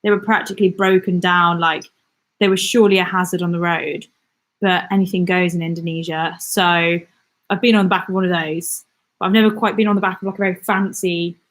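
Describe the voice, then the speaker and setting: A woman from the Midlands hosting a casual live-stream chat, rambling warmly through her week and answering viewer comments with lots of fillers. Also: on the low side. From England, the Midlands. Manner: chatty and rambling, lots of fillers, quick laughs. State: out of breath. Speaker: channel host.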